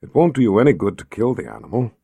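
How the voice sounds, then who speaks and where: A man reading aloud, voicing a gentle, soothing motherly woman who speaks softly. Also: fairly low pitch, wildly swooping pitch, fast talker, gravelly, breathy edge, no room sound, heavily acted.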